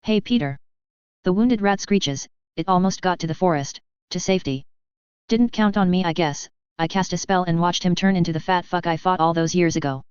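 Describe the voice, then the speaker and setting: Woman narrator, steady storybook read, smooth low voice, muffled lo-fi sound. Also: brisk, dry recording. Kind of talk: fan fiction audiobook reading. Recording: dull dry lo-fi audio.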